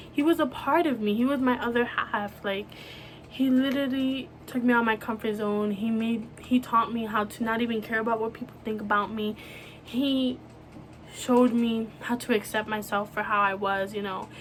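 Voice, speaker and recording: A young woman talking to camera about a close friend, speaking softly and haltingly with many fillers. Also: a little high, slight background noise. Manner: soft, halting, full of fillers like "you know". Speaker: vlogger. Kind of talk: emotional personal talk to camera.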